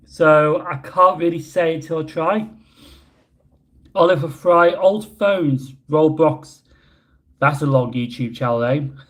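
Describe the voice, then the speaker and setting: A young man chatting casually on a livestream, reading out viewer comments and rambling about his own slips. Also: fairly high pitch. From Yorkshire, England. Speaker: livestream host. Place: hotel room.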